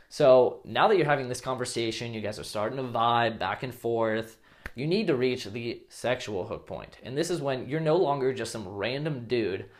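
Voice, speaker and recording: A man talks straight to the camera in a casual advice video. He is blunt and coarse at times, and slips into acted example lines as he explains. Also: mid-range voice. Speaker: dating coach.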